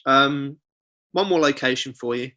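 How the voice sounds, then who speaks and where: A man's voice: medium pitch, a little slow, sharp tone. A young man co-hosting a comedy podcast, chatting casually and reading reviews aloud with joking asides. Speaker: podcast co-host.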